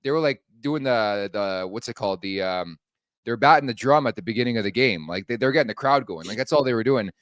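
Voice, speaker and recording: A podcast host talks about hockey bluntly and casually, with plenty of swearing and filler words. His voice sits at a middle pitch. The sound is close and dry. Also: animated, a little fast, fairly bright tone, no room sound.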